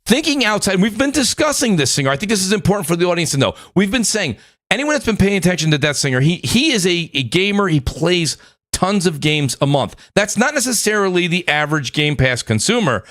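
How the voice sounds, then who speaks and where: Upbeat New York podcast host, high voice. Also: male voice, sing-song, fairly quick, no echo, clean studio sound. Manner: hype, shout-outs, lots of fillers. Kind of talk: casual panel chat.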